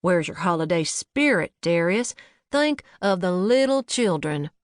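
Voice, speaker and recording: A woman's voice: fairly low pitch, animated, a little slow, no room sound, studio quality. A woman voicing an easygoing, cheerfully stubborn older father who loves a prank. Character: jovial older Southern father, playful prankster.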